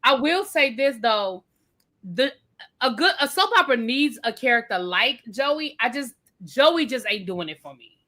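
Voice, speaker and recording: A woman with a bright, fairly high voice talks casually at home as host of a live review show. She makes her points with lively emphasis and circles back to repeat them. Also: moderate pace. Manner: animated, emphatic, repeats phrases. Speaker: channel host. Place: home, getting ready to go out.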